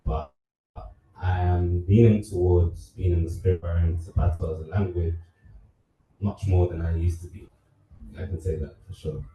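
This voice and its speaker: A man speaking on a discussion panel, measured and thoughtful. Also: low voice, flat delivery, mellow, slight background noise. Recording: echoey room, far from the mic.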